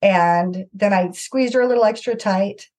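A woman's voice: mid-range voice, normal speed. A middle-aged woman, an author and podcast guest, telling personal stories earnestly and acting out the things people said. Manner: earnest, animated anecdote-telling with acted-out quotes. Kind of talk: conversational storytelling.

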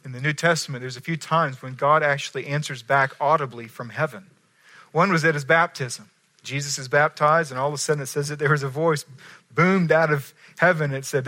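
A middle-aged male pastor preaching a sermon, telling stories with animated voices and dropping from loud to hushed. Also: a little high, fairly quick.

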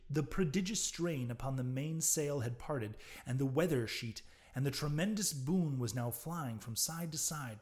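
A man reading a classic novel aloud, in a measured, declamatory way. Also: fairly high pitch, darkish tone. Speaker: narrator.

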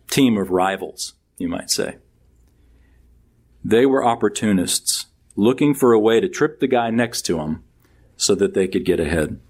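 A middle-aged male pastor preaching a sermon, conversational at first and then building to emphatic peaks. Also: fairly low pitch.

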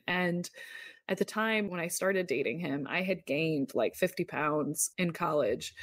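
A woman's voice: on the low side, dry recording. A woman in her thirties hosting a podcast, telling her own story in a candid, confessional way with lots of "like.". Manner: candid, confessional, uses "like" often. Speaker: podcast host. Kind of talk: personal storytelling monologue.

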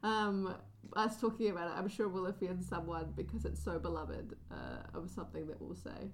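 A woman's voice: on the low side, very animated, normal speed, vocal fry, slight background noise. A woman co-hosting a book podcast in casual, playful chat with jokey asides. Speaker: podcast co-host.

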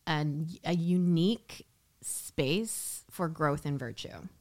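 A woman talking as a podcast guest in a casual, animated way, with lots of "like" fillers. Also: sits low. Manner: animated, fast, many "like" fillers. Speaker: guest, Catholic entrepreneur and business coach.

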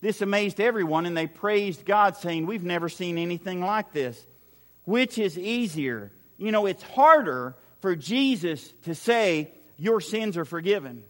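This pastor preaches at a measured pace in a high-pitched voice with lively intonation, addressing a crowd in a large church hall. He builds his case with repetitive phrasing and acts out the quoted lines.

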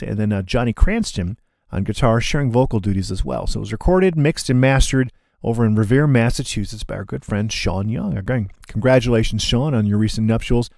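A male radio DJ talking between records in a relaxed, chatty patter at a middling pitch. He keeps it casual and calls listeners "man". The sound is dry and close, with no room around it. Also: vocal fry, no room sound.

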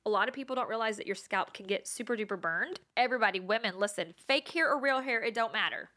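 A woman in her thirties hosting a podcast, telling a funny story in a lively way, laughing often and putting on squeals for the people in it. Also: fast talker. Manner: animated, laughs often, acts out voices in high pitch. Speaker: podcast host. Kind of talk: casual storytelling monologue.

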